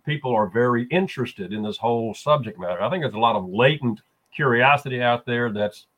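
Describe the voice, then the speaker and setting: A man guest and co-author recounting events in a measured, halting way. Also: mid-range voice, a bit bright. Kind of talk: interview storytelling.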